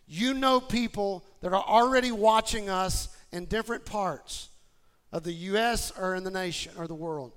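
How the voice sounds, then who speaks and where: A man preaching a sermon to his church, moving from quiet, personal talk to shouted, excited appeals. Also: sits high, normal speed, a little hiss or hum. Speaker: pastor. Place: church sanctuary with congregation.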